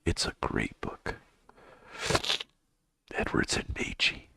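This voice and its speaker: A man's voice: takes it slowly, pushed and bright, dry recording, clean studio sound. A man hosting a live trading stream, chatting casually and with plenty of swearing, often mumbling in a half-whisper.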